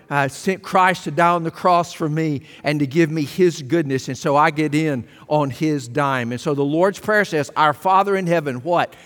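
A man preaching a sermon as pastor, emphatic and rising to loud exclamations. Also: a little high. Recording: long reverb of a large hall.

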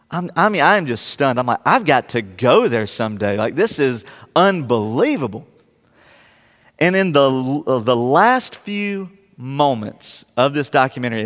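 A man telling a personal story to a live audience and acting out his own reactions in a lively, anecdotal way. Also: medium pitch. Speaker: speaker addressing a live audience. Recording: long hall reverb.

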